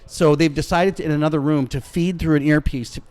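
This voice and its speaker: A man's voice: on the high side, fairly quick. A male comedian guest telling anecdotes in casual chat, acting out the voices of the people in them. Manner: animated, acts out voices in anecdotes. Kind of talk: casual storytelling. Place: restaurant bar.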